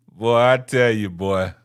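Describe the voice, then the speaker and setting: A man with a mid-range, fairly bright voice runs a casual livestream, speaking directly to the people in his chat. He taunts them, says things over again, and ends a lot of his phrases with "man."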